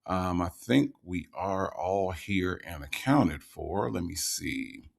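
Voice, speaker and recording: A man hosting a livestream, reading out viewer comments and greeting each viewer in a relaxed, casual way with lots of ums, a little tired from the night before. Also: sits low, slow pace, creaky. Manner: relaxed, greets viewers with repeated hellos, frequent ums and uhs.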